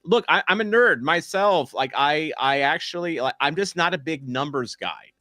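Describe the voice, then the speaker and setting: A man's voice: fairly high pitch, expressive, moderate pace, pushed and bright, no room sound, clean studio sound. A man streaming a soccer watch-along, chatting casually with chat in a rambling, self-deprecating way full of fillers and restarts. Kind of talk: casual live-stream chat reading comments.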